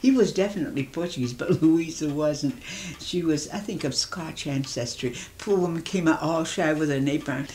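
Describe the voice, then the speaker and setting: A woman's voice: sits low, moderate pace, slight background noise. Elderly woman in her eighties telling stories. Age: 80s. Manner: lively storyteller acting out quoted dialogue. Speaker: oral history interviewee. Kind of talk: reminiscing storytelling.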